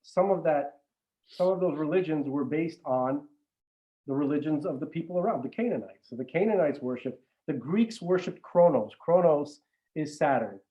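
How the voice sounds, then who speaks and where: Rambling man, slightly high voice, casual swearing talk, muffled lo-fi mic. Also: expressive, moderate pace. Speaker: regular podcast guest. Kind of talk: casual chat.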